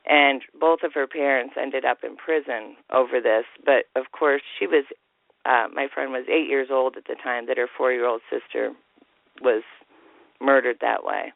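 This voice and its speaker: A man's voice: mid-range voice, steady tone, normal speed, gravelly, no echo. A man calling in to tell a personal story over the phone, acting out the voices he quotes and laughing often. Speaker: caller. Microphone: telephone. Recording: tinny phone line.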